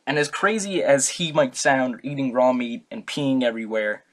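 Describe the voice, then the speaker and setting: A man's voice: medium pitch, animated, moderate pace, hardly any pauses. A young man giving a casual, comic student talk, rambling, joking and correcting himself as he goes. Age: young adult. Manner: rambling, jokey, self-correcting. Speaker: student presenter.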